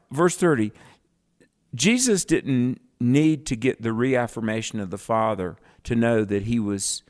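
A man co-hosting a Bible teaching show, reading scripture aloud and explaining it with emphatic contrasts. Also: fairly low pitch.

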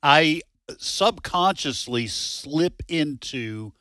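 Bright-voiced man telling a story. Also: fairly high pitch, lively intonation, very slow, no room sound, studio quality. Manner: chatty storyteller, laughs easily. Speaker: radio show co-host. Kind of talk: casual talk radio banter.

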